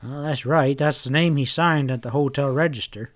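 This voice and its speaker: A man reading aloud and voicing a suspicious male hotel proprietor, sharp and demanding. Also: medium pitch, moderate pace, close to an everyday voice. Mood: tense.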